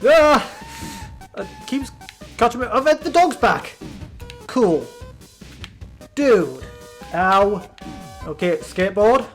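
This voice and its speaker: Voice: medium pitch, lively intonation, takes it slowly, pauses often, soft background music. A British let's play host giving casual, sarcastic, rambling commentary while playing a game. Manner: rambling, sarcastic, many restarts.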